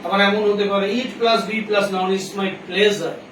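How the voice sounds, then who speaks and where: Bangladeshi male English teacher, high-pitched, distant mic with faint background hum. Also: fairly even intonation, fairly bright tone. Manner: explains slowly, repeats examples, switches into Bengali. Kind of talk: classroom grammar lesson. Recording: echoey room from far off, faint noise.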